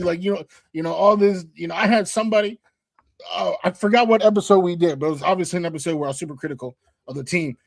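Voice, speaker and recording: A man's voice: high-pitched, fast talker, creaky, no echo. A man co-hosting a casual sports talk show, laid-back and slangy. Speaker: podcast co-host.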